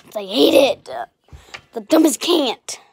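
A woman playing a bratty, self-absorbed young vlogger who talks in a whiny, petulant, deliberately clueless way. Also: high-pitched, animated, darkish tone, dry recording, heavily acted. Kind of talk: comic character vlog.

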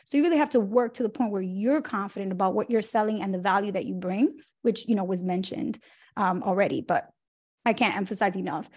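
A woman giving a lively talk on business and pricing, acting out the people in her stories. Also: medium pitch, brisk, husky. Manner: animated, acts out quoted dialogue. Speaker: story-sharer at a town hall.

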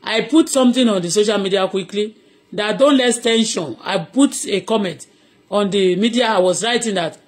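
A middle-aged Nigerian woman whose first language is Yoruba hosts a live audio blog, delivering impassioned commentary as a heated, rambling rant that switches between Yoruba and English. Her voice is medium-pitched and she talks at normal speed.

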